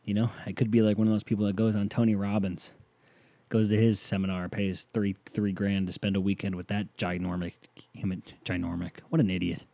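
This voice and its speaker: Rambling man with a mellow voice. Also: on the low side, flat delivery, brisk, no room sound. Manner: rambling, self-mocking jokes. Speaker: podcast host. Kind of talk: casual solo monologue.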